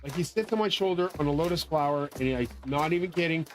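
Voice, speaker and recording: A man's voice: fairly high pitch, fast. A man hosting his own channel, talking in a profane, rambling, angry monologue full of grand claims. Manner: angry, swearing, grandiose ranting. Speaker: channel host.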